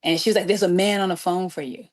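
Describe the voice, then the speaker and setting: A woman from New York City, a guest musician, telling a story with lively acted-out dialogue. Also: on the low side, quick pace. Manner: acts out quoted dialogue with lively voices. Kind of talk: animated storytelling.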